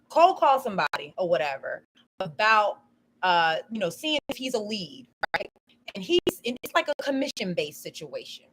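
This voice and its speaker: A woman's voice: mid-range voice, fairly bright tone. A woman chatting casually on a live stream, telling a rambling story full of "you know" and "um".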